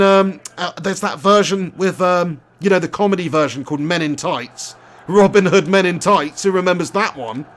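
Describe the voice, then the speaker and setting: Brief: young streamer, chatty and laughing, higher voice, commenting live on a football game. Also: male voice, slight background noise. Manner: chatty, laughs often, reads out chat messages. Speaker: gaming streamer.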